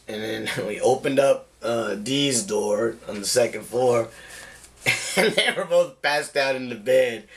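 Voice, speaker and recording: A man's voice: mid-range voice, a bit bright. A young man casually telling a wild personal story, laughing often and swearing freely.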